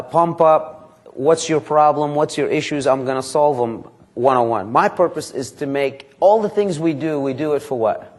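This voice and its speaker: A man leading a live sales training seminar, quizzing his audience and acting out sample calls to customers and banks. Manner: energetic, quizzes the audience with questions; acts out sample phone calls and pitches.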